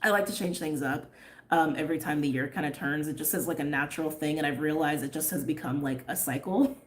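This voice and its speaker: A woman reading tarot and chatting casually on a livestream, rambling and laughing often, her voice a little hoarse. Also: deep voice, fast. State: slightly hoarse. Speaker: tarot reader.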